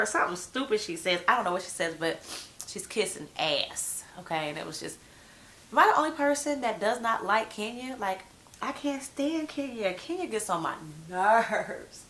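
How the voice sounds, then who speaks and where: A woman's voice: medium pitch, expressive, moderate pace, fairly bright tone. A woman with a head cold giving a blunt, slangy, gossipy recap of a TV episode in casual chat. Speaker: TV show reviewer.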